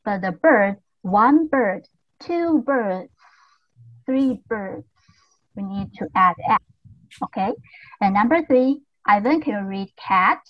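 A woman teaching English to young learners over a video call, speaking slowly and patiently with lots of encouragement and careful repetition. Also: medium pitch, expressive, no room sound, muffled recording. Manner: patient, slow and encouraging, repeats words carefully. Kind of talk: online class drills.

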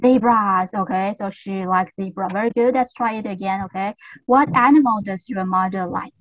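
A woman teaching English to young learners over a video call, speaking slowly and patiently with lots of encouragement and careful repetition. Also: medium pitch, no room sound, lo-fi sound. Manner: patient, slow and encouraging, repeats words carefully. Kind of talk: online class drills.

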